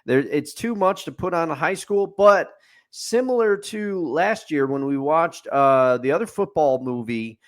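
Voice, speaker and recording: At a measured pace, a man with a slightly high, animated voice co-hosts a casual sports podcast. He's opinionated and methodical, taking things apart point by point and constructing lists with a refrain he returns to again and again.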